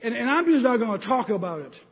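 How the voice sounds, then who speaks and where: High-voiced impassioned preacher man. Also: sing-song, quick pace. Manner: impassioned, ranting, jokey. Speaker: pastor. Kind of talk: sermon. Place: church sanctuary. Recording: long hall reverb.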